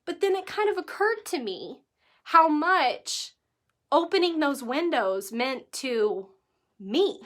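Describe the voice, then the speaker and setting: A woman in her thirties, a vlogger telling a personal story to camera, lively and emotional, acting out the quotes. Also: high voice. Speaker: vlogger giving life advice.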